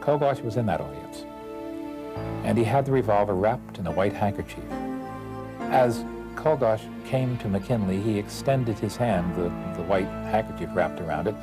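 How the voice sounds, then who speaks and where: A man narrating a history documentary in a measured, deliberate way. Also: fairly low pitch, animated. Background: music.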